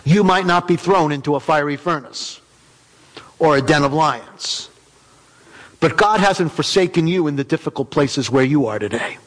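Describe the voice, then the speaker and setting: A man's voice: fairly high pitch, moderate pace. A man preaching in character as a biblical figure, telling the story dramatically and emphatically in a church sanctuary. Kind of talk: first-person character sermon. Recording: reverberant hall.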